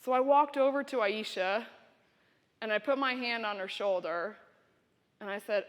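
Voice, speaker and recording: Female keynote speaker, expressive motivational storyteller, high voice, reverberant hall. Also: normal speed, long pauses. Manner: storytelling, expressive, direct to audience. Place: university conference venue.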